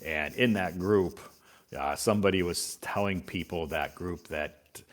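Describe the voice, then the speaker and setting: A man teaching English on a live stream, reading and answering viewer comments in a relaxed, repetitive, reassuring way. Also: low-pitched, measured pace.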